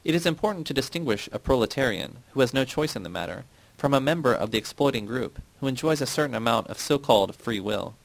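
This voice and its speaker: A man's voice: mid-range voice, lively intonation, fast, gravelly, dry recording, rough recording. A man reading as an earnest political lecturer. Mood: lecturing.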